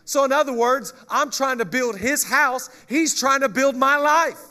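A male pastor preaching a lively sermon, joking with the congregation and reading scripture aloud. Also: very high voice, unhurried.

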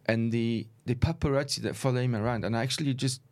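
A middle-aged former football referee, relaxed and anecdotal, telling stories in a conversational interview. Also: male voice, mid-range voice, fast talker. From South Africa. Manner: relaxed, anecdotal, chuckles while recounting. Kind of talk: conversational storytelling.

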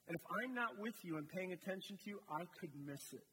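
A man's voice: sits high, lively intonation, fast talker, a bit bright. A man preaching a sermon as a guest speaker, talking conversationally and telling stories with asides. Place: church sanctuary. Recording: long hall reverb, faint noise.

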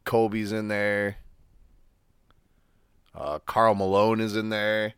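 A man's voice: lowish voice, little pitch movement, takes it slowly, a bit bright, clean tone, no echo, clean studio sound. A man co-hosting a podcast, chatting casually about sports in a rambling, profane, laid-back way. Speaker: podcast co-host.

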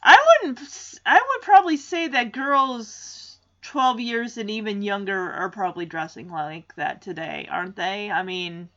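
Chatty bright-voiced woman. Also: mid-range voice, expressive, a little slow, hardly any pauses, muffled recording. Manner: chatty, rambling with asides. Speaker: episode recap vlogger. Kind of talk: casual chat recapping a sitcom.

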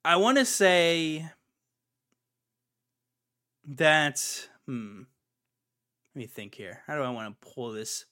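Male podcast host, young adult, bright, emphatic, prone to ranting. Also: on the high side, very animated, slow, pauses often. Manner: ranting, emphatic, repeats himself. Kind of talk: casual podcast chat.

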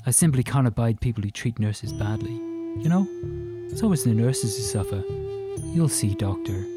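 A man voicing a stocky, white-haired Irish man in his fifties with an Irish accent, effusive and boastful, talking fast. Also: mid-range voice, animated, over loud music, natural voice. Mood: boastful chatty. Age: 50s.

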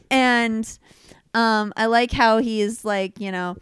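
A woman's voice: a little high, steady tone, slow pace, a bit bright, smooth, dry recording, studio quality. A woman co-hosting a casual podcast chat, wry and giggly, who now and then acts out quoted lines. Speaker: podcast co-host.

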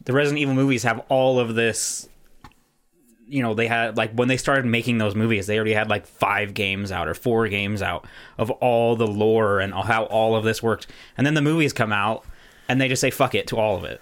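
In a casual podcast chat, this young co-host's fairly low, fairly bright voice keeps a fairly even line at a fairly quick clip. He rambles along, restarting often and leaning on fillers.

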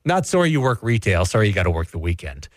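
Man, radio host, deadpan wisecracks, lively pitch, dry close mic. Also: quick pace, dry recording. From Canada. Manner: dry, self-deprecating wisecracks. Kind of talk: casual morning radio banter. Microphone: studio microphone.

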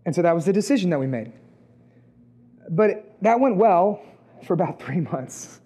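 A man, perhaps in his twenties, preaching a sermon with a personal testimony, talking conversationally and rising to loud, emphatic peaks. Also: high-pitched, animated, moderate pace, breathy edge. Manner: conversational, acts out quoted voices, rises to loud emphatic peaks.

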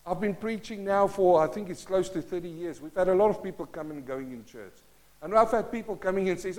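A man in his fifties with a South African accent, preaching a sermon with passion, swinging between loud declarations and hushed asides. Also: high-pitched, expressive, a little fast. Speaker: pastor.

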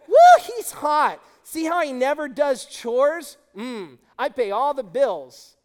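A man's voice: very high-pitched, very animated, slow, exaggerated voice. A preacher voicing a wife who sarcastically gushes over her lazy husband. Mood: mock swooning. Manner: gushing, sarcastic. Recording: long hall reverb.

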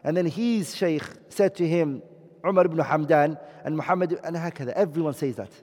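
A man's voice: a little high, a little mellow, in a large hall. A man teaching a class, explaining step by step and often checking that his students follow. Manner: explains slowly, checks understanding with questions. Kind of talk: classroom lecture.

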